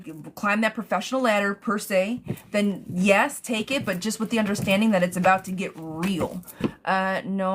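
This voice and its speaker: A woman's voice: fairly low pitch, noisy background. Blunt, chatty woman reading tarot live. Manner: chatty, blunt, swears freely, calls viewers girl and love bug; gets riled up and rants, then calms herself. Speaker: tarot reader. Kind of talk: live-stream tarot reading, answering chat questions.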